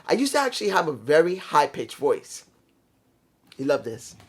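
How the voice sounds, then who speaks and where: Very animated and a little high in pitch, this man reviews a show at a normal pace, ranting bluntly and cursing often. He notes that his worn voice is messed up, and his tone stays casual and opinionated throughout.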